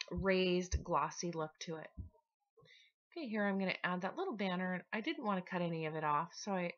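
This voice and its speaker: A woman talking casually through her scrapbooking process in a relaxed, chatty voice-over. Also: lowish voice, highs cut off. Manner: chatty, relaxed, with small restarts. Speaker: scrapbooking vlogger.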